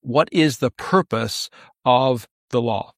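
A man's voice: medium pitch, slow, no echo, studio quality. A male pastor teaching a Bible study, earnest and emphatic, asking rhetorical questions.

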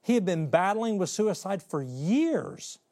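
A man preaching a sermon in an animated way, acting out voices and quoting scripture. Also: high voice, a little slow. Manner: animated, acts out voices and quotes.

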